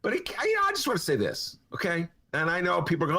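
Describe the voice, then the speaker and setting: A man's voice: a little high, huge pitch swings, fast, bright, forceful tone. A man in his sixties hosting a podcast, chatting casually in a rambling, opinionated way. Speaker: podcast host. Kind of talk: casual chat.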